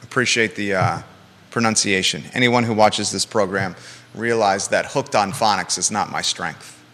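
A man's voice: on the low side, moderate pace, bright, forceful tone, in a large hall. A man hosting a live local talk show, blunt and emphatic, with joking asides.

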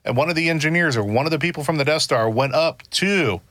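A man talks through his ideas in a relaxed discussion, circling back and restarting as he builds each point. His voice is bright and forceful, and it sounds dry and close to the mic. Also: a little high, fast, no room sound. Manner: earnest, explains at length with many restarts. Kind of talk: casual discussion.

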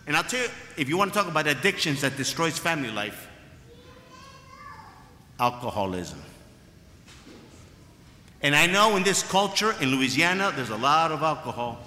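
A man's voice: fairly high pitch, big pitch swings, normal speed, long pauses, pushed and bright. A man preaching a sermon as a priest, emphatic and fond of repeating his phrases. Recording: echoey hall with long reverb.

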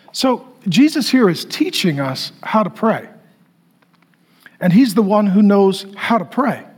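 A man preaching a sermon to a congregation, animated, with playful asides and sudden loud bursts. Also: high-pitched, husky. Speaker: pastor.

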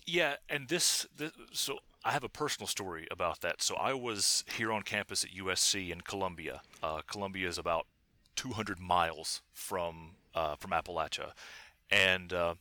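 A man's voice: sits low, bright, forceful tone, dry recording. A man, a linguist, discussing his research in a casual academic conversation, talking with frequent restarts and fillers. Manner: halting, many restarts. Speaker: linguist guest.

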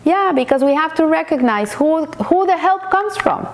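A woman delivering a weekly Torah lesson with a slightly high voice. She speaks in halting phrases, restarting and repeating words as she gathers her thoughts. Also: expressive. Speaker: Torah teacher.

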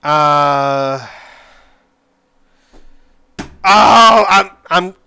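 A man hosting a solo podcast, gushing excitedly, cursing freely and stumbling over restarts. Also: on the high side, drawn-out words, vocal fry, smooth, no echo. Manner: excitable, gushing, swears a lot, stammers and restarts. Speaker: podcast host.

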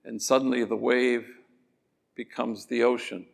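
A man, a priest, telling stories in a gentle, slow sermon-like talk that drops to soft endings. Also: medium pitch, level tone, vocal fry. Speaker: priest and speaker. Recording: long reverb of a large hall.

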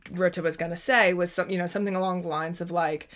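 A woman with a somewhat low voice co-hosts a news podcast. She switches between reading scripted segment intros and blunt, lively banter full of casual swearing. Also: fast talker. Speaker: podcast co-host.

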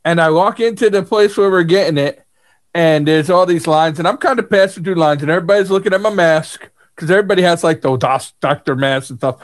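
A man's voice: on the high side, a little fast. A middle-aged man hosting a podcast, telling stories in casual chat and laughing often. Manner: animated storyteller who laughs often. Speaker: podcast host.

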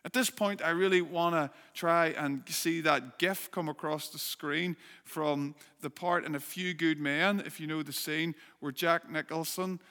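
Bright-voiced pastor preaching in a reverberant hall. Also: male voice, on the high side, steady tone, unhurried, hardly any pauses. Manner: earnest, builds emphasis with rhetorical questions. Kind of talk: sermon.

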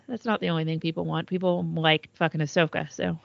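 A woman's voice: deep voice, flat delivery, fast talker, vocal fry, no echo, lo-fi sound. A woman co-hosting a podcast in casual chat, swearing freely and trailing off mid-thought. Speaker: podcast co-host.

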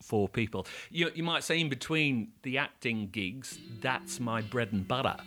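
This time the English actor, middle-aged and speaking at a medium pitch, talks over background music. As an interview guest he keeps it casual, stumbling through restarts and swearing freely.

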